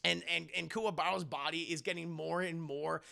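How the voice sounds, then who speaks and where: A man streaming a casual, profane recap of an anime episode, excitable and jokey, laughing often. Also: a little high, fairly quick, creaky. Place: streaming setup at home.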